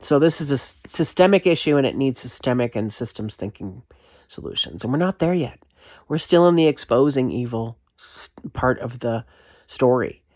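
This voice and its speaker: A woman's voice: a bass voice, a little mellow, no room sound, studio quality. A woman giving an impassioned vlog rant, emphatic and repetitive, swearing freely. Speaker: vlogger.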